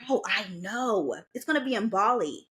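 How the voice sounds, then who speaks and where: Young woman, podcast co-host, casual chat, lively storytelling, acts out quotes, mid-pitched voice. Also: moderate pace. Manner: animated storytelling, mimics others' voices.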